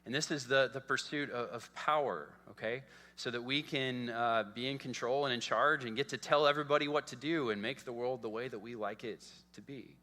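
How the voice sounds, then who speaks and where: Male pastor, earnest sermon delivery with a bright edge, reverberant sanctuary sound. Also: mid-range voice, brisk. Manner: earnest, repeats words, asks "okay?" often. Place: church sanctuary. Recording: long church hall reverb.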